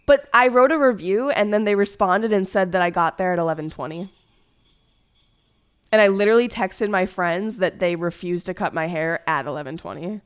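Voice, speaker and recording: A woman's voice: mid-range voice, normal speed, clean tone. A young woman streamer chatting casually, telling a hurt story in a rambling way, with many fillers and restarts.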